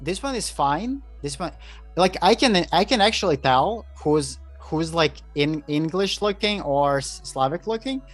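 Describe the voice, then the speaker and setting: A man from Eastern Europe chatting casually on a podcast, halting and restarting often, with frequent swearing. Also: on the high side, animated, soft background music. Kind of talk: casual chat.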